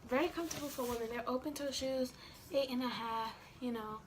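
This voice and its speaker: A woman's voice: high voice, a little fast, a little hiss or hum. A young woman vlogger telling a story in casual, rambling chat, full of fillers and quoted dialogue.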